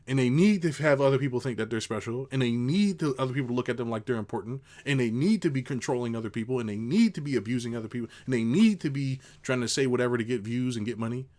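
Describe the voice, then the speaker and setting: A man's voice: medium pitch, a little mellow. A middle-aged man, a business coach, ranting casually to his viewers, swearing and mocking others. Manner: ranting, swears, mocks people in put-on voices. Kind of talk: unscripted rant to camera.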